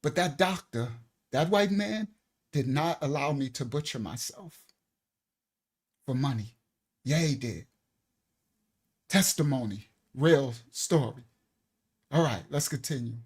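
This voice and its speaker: A middle-aged male minister tells a personal story in a sermon, talking in a casual, animated way and often repeating words. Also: medium pitch, slow, pauses often, slightly rough.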